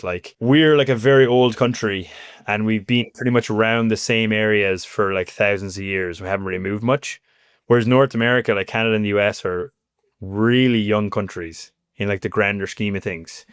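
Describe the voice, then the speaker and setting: A man's voice: fairly low pitch, smooth, no room sound, clean studio sound. A man in his thirties from Cork with an Irish accent, talking casually as an interview guest and filling his talk with "you know" and "like". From Ireland. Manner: chatty, animated, lots of fillers like "you know".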